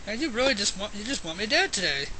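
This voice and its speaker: Foul-mouthed gamer man yelling at a boss. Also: sits high, very animated, fast, slight background noise. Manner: swears and taunts at the game, yelling in bursts. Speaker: let's play gamer. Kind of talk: profane gameplay commentary.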